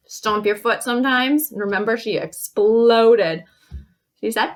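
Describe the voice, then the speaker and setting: A woman teacher reading a picture book to young children, acting out each feeling with gasps, sighs and shouts. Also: fairly high pitch, unhurried.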